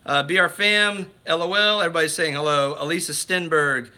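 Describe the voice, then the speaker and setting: A man's voice: high-pitched, very animated, fairly quick, few pauses, pushed and bright. A man hosting a casual livestream chat, talking in a rambling, enthusiastic way with many restarts and greetings to viewers. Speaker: livestream host.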